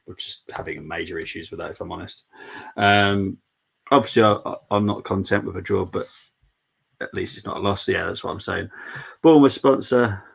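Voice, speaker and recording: A man's voice: low-pitched, creaky, husky. A young man hosting a live football watchalong stream, chatting casually and reading out viewer messages. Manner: chatty, reads out viewer messages, laughs often.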